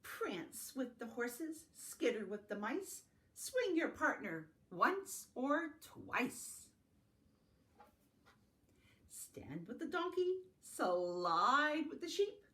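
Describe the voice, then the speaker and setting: A woman reading farm-animal picture books aloud to young children in a slow, sing-song storytime manner, adding animal sounds along the way. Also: fairly high pitch, big pitch swings, fairly bright tone. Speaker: family literacy facilitator. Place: home, recorded for an online circle.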